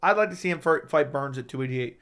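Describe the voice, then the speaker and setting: A man hosting a casual livestream, reading viewer questions out loud and answering them in a chatty, joking way. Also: on the high side, animated, fast. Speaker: livestream host.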